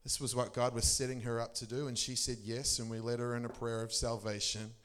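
A man's voice: brisk, clear, resonant tone. A middle-aged man, a pastor telling testimony stories in a sermon. He laughs often and his voice leaps up for emphasis. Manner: animated storyteller, laughing often, pitch leaping for emphasis.

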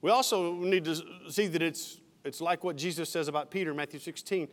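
Man, senior pastor preaching from the pulpit, fairly high voice, big reverberant church sound. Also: fairly quick, few pauses. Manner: emphatic preaching with shifting dynamics. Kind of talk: sermon. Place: church sanctuary.

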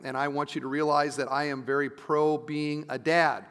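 A middle-aged man preaches a conversational sermon, his voice a touch higher than most. He drops into quiet asides and then climbs to emphatic points. The sound rings with the long reverb of a large church hall. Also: flat delivery, moderate pace, clear, resonant tone. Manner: conversational preaching, shifting between soft asides and emphatic rises. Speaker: pastor. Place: church sanctuary.

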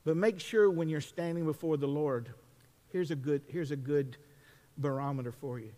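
A man preaching a sermon, building from conversational teaching to impassioned, high-pitched preaching. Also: normal speed, dark tone. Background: music.

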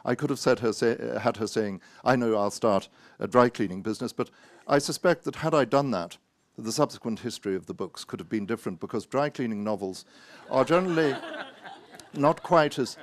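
A man, an author, giving a wry, anecdotal talk full of hesitant pauses and self-mocking asides. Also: mid-range voice, dry recording.

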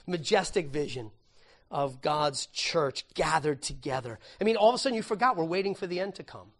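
A man preaching with a fairly high voice. He reads scripture aloud and moves between loud, emphatic lines and quiet, hushed asides. His talk is conversational, with repeated words and self-corrections. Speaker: pastor. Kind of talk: sermon.

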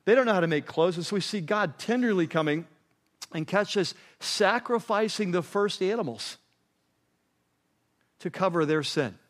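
Conversational preacher with a slightly high voice. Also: male voice, lively intonation, moderate pace, long pauses. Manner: conversational preaching, repeats "catch this", drops low and quiet on key phrases. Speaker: pastor. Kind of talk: sermon.

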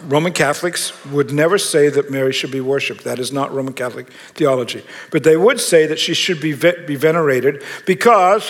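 Guy preaching, kinda high voice, chatty and jokey, pokes fun at himself. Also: long reverb tail. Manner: conversational and joking, self-mocking asides. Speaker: pastor. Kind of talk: sermon.

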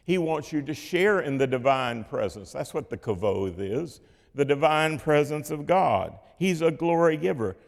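A man preaching a sermon in a measured, rhetorical way, with dramatic pauses and dips in volume. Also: medium pitch, animated, gravelly. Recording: long hall reverb.

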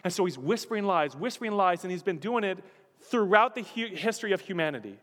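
A man's voice: high voice, expressive, quick pace, fairly bright tone, big-room sound. A male pastor preaching a sermon in an emphatic, repetitive style. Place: church.

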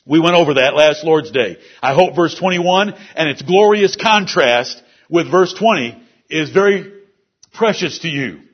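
A man's voice: a little high, expressive, measured pace, slightly rough, lo-fi sound. A male pastor preaching an expository sermon at a church service, explaining scripture word by word.

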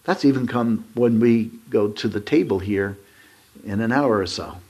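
A man's voice: on the low side, moderate pace, darkish tone. A man preaching a sermon. He reads scripture aloud and keeps calling the congregation "folks" as he presses his points. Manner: emphatic, rising to stress points and addressing the congregation as folks.

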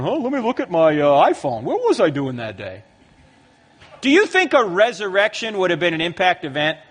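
A man in his fifties giving a lively talk to a live audience in a large hall, acting out the voices in his stories. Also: fairly high pitch. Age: 50s. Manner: lively storyteller who acts out quoted voices. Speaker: Christian apologetics speaker. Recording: long hall reverb.

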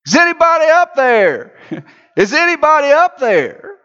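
Sermon story: man voicing a man stuck down a well, high-pitched panicky pleading, dull recording. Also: huge pitch swings, measured pace, a bit bright, heavily acted. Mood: panicked. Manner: high, frantic, pleading cries. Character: desperate man trapped down a well.

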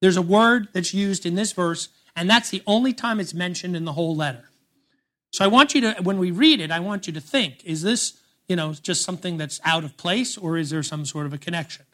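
A pastor giving a sermon in a church service. He speaks with emphasis, slows down to read scripture aloud, and adds conversational asides to the congregation. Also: sits high, fairly bright tone.

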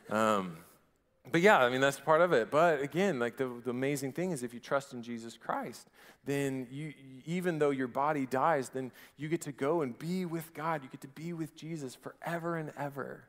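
A man in his thirties preaching a sermon in a relaxed, conversational way, often restarting his phrases and dropping in fillers. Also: medium pitch, normal speed, long reverb tail. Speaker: pastor.

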